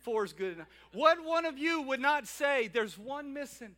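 A man preaching a sermon as pastor of his church, animated and moving between loud calls and quiet asides. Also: extremely high pitch, normal speed. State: out of breath at times. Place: church sanctuary.

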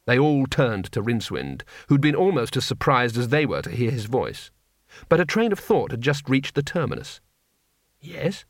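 Expressive male audiobook narrator. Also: medium pitch, moderate pace, no echo, studio quality.

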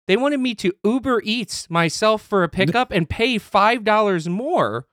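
A man with a slightly high voice hosts a casual podcast, telling a story with a lot of swearing and jumping between calm and heated. His voice is close and dry on the mic, with no room sound around it. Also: a little slow, no room sound. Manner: animated storytelling, frequent swearing. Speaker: podcast host.

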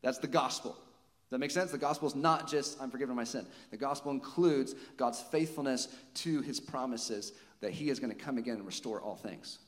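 A man's voice: mid-range voice, moderate pace, long reverb tail. A man preaching a sermon to his congregation, conversational, with frequent rhetorical questions. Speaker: pastor.

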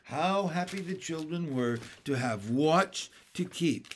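A man reading a children's book aloud in a steady, clear storytelling manner. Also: a little high, slow pace, a little hiss or hum. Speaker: reader.

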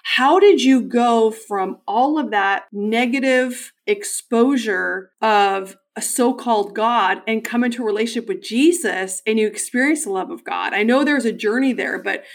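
A woman's voice: fairly high pitch, a little slow, few pauses. A woman hosting a faith-based talk show, affirming her guest and asking questions. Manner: affirming, encouraging interviewer. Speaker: podcast host. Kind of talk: interview questions.

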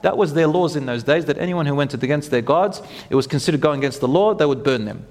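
A man preaching an animated storytelling sermon, acting out quotes and chanting scripture. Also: on the high side, fast talker. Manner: animated, acts out quotes, chants Quran verses. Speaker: Islamic preacher. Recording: long hall reverb.

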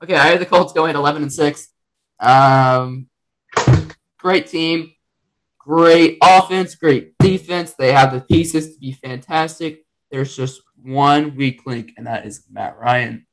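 A man's voice: fairly high pitch, slow pace, rough recording. Young man hedging with ums. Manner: hesitant, many ums, agreeable. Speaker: podcast co-host. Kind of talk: casual sports chat.

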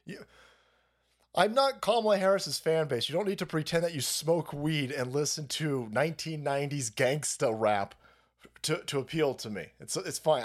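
A man rants through a live political stream. He swears freely and mocks as he goes. His voice sits a little high and swings widely in pitch. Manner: profane, rambling and mocking, often laughing. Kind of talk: ranting live-stream commentary.

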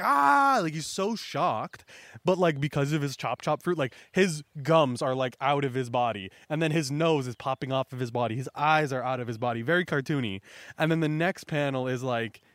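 Recorded in studio quality with no room sound, this young man's voice is on the high side. He hosts a casual manga chapter recap, rambling with plenty of fillers and now and then voicing characters loudly.

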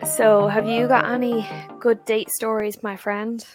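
A woman co-hosting a podcast, reacting in casual chat with quick, expressive questions. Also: on the high side, over music. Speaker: podcast co-host.

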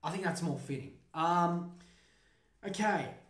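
A man's voice: a little high, unhurried, a bit bright. A podcast host man ranting comedically, swearing constantly in a mocking tone. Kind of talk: profane comedic rant. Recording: roomy echo.

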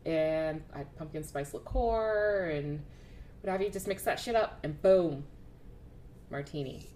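A woman's voice: low-pitched, a little slow, mellow. A woman co-hosting a podcast, chatting in a laid-back, rambling way and laughing often. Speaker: podcast co-host. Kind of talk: casual chat.

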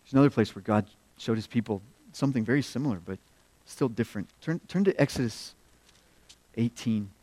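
A man preaching a sermon, working through a scripture passage, raising his voice to act out quotes and dropping low for key points. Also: a little fast, pauses often. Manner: expository preaching, acts out quotes with rising pitch and volume; drops to hushed tones on key points.

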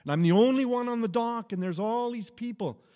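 A man, a pastor, telling a humorous personal story in an animated sermon. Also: very high-pitched, fairly quick. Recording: echoey hall.

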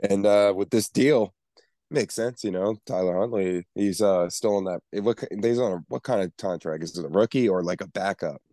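A man with a low voice talks sports in a loose, rambling way, tripping over his words as he goes. His voice sounds dry and close, with no room around it. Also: normal speed, dark tone, no room sound. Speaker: podcast co-host. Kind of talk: casual sports chat.

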